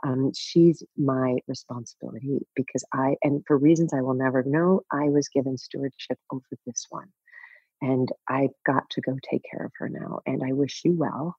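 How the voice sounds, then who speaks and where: A woman's voice: very deep voice, fairly even intonation, normal speed, warm tone, slightly rough, no echo, highs cut off. A woman in her fifties telling a personal story as a podcast guest, frank and wry, laughing at herself. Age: 50s. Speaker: guest author.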